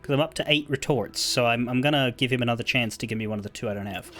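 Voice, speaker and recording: A man's voice: medium pitch, racing, music in the background. A man streaming a video game, thinking aloud in chatty commentary and swearing freely. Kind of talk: casual gameplay commentary.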